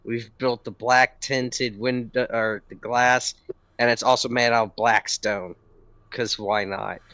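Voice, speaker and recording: Man, mid-pitched voice, laid-back, rambling, casual chat. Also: level tone, takes it slowly, pushed and bright, dry recording. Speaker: player.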